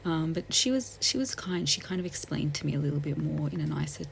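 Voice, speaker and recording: A woman telling a story while doing her makeup, soft-spoken and hesitant, with many fillers and restarts. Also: sits low, lively intonation, brisk, gravelly, a little hiss or hum, low-quality recording. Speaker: beauty vlogger. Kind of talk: get-ready-with-me storytelling.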